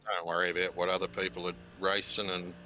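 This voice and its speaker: A man's voice: low-pitched, flat delivery, fast, bright, forceful tone, slight background noise. A man making laid-back, dry quips in casual chat with teammates.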